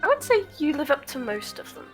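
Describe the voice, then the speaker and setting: A woman playing a tabletop game, speaking in character in a measured, wry way. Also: high-pitched, big pitch swings, faint music behind, poor audio. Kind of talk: casual in-character play.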